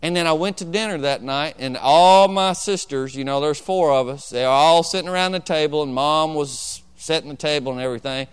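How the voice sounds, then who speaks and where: A man's voice: on the high side, a little fast, hardly any pauses, fairly bright tone, smooth. Resonant-voiced man preaching a sermon. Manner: storytelling, calling out to the congregation for agreement. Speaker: pastor.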